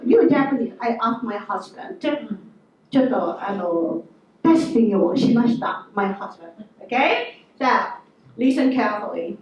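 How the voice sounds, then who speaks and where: A woman giving a lively, anecdotal talk to an audience, teasing her listeners as she goes. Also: mid-range voice, moderate pace, recorded from a distance. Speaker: guest speaker. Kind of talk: lecture to an audience. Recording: echoey hall from afar, dull sound.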